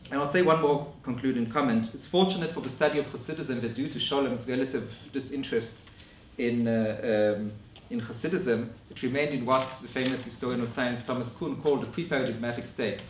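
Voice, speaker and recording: A man's voice: medium pitch, a little hiss or hum. Man lecturing from a distant mic. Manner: measured, scholarly, with frequent restarts. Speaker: academic lecturer. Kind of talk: conference lecture. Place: lecture room. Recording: roomy echo from a distant mic.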